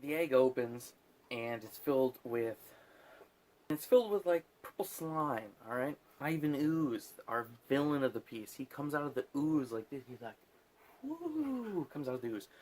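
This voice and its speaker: This tipsy guy rambles through a film plot in a loose, chatty way, swearing often and chuckling at his own asides. His pitch sits at an ordinary middle height. A faint hiss runs under the recording. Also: moderate pace, darkish tone. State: drunk. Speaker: host recapping a movie. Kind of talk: casual movie recap.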